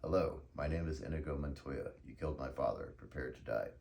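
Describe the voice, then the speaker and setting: A man's voice: very deep voice, a little fast, gravelly, darkish tone, reverberant, a little hiss or hum. A man voicing a relentless vengeful swordsman. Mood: grim. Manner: determined, repeating a vow. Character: wounded Spanish swordsman seeking revenge, relentless.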